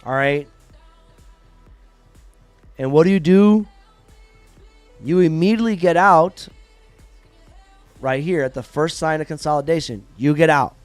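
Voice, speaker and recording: A man streams a live trading lesson, talking bluntly and swearing freely as he acts out traders' panic and regret. His voice sits a little high for a man. The sound is dry and close, with faint music playing underneath. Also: a little slow, pauses often, dry recording. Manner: blunt, profane, animated, acts out traders' reactions. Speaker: trading livestream host.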